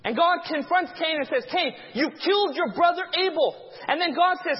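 Teaching a Bible class, this high-voiced pastor keeps stopping to let his audience supply the missing words. The audio is muffled and dull, with a long, hall-like echo trailing his speech.

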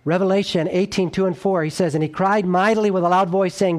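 Speaking fast in a steady tone, a man preaches an earnest, urgent evangelistic sermon. His emphasis builds, then falls low and quiet, and he checks in with his listeners often.

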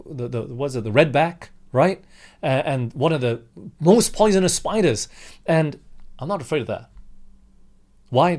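A man's voice: medium pitch, darkish tone. Man preaching with rhetorical questions. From Australia. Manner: frequent rhetorical questions to listeners; stammering restarts. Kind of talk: conversational sermon.

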